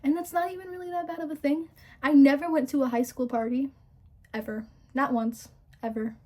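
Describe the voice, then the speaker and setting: A woman's voice: high-pitched, steady tone, a little fast, dark tone. Upset young woman venting through tears. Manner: raw, upset and profane, with many restarts. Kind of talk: emotional personal monologue.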